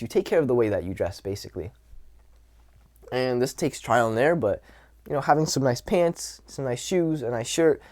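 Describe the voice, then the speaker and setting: A man's voice: medium pitch, darkish tone. A young man giving casual dating and self-improvement advice, talking loosely with fillers and restarts. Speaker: dating and social skills coach. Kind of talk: casual advice talk to camera.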